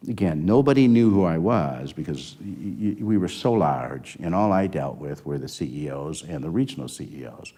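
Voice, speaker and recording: Older man, very low voice, mellow tone, rambling anecdotal interview storytelling. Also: lively intonation, moderate pace, hardly any pauses, husky. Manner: rambling anecdotal, acts out quoted dialogue. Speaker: interviewee, former health system executive.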